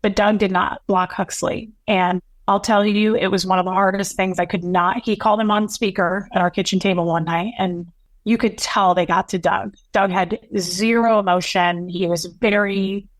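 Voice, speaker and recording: Woman in her 30s telling a rough personal story, lots of restarts, dry close mic. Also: medium pitch, steady tone, no echo. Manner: earnest, halting, full of restarts and quoted dialogue. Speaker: podcast guest.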